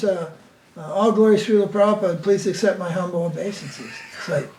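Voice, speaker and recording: A man's voice: sits high, brisk, a little mellow. An older man talking in a casual, joking way with many fillers and restarts, giving an informal spiritual talk. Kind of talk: casual discussion. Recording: echoey room, mic a bit far, faint noise.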